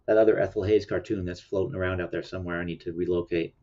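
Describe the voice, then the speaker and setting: A man's voice: deep voice, fairly even intonation, fast, mellow. A man hosting a livestream in casual chat, rambling and laughing often while sleepy and yawning. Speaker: livestream host. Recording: dull lo-fi stream audio.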